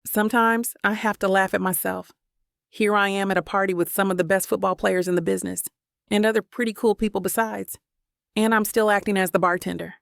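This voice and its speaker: Gravelly-toned woman reading a romance audiobook. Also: mid-range voice, fairly even intonation, brisk, no room sound, studio quality. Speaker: audiobook narrator. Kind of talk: first-person romance audiobook narration.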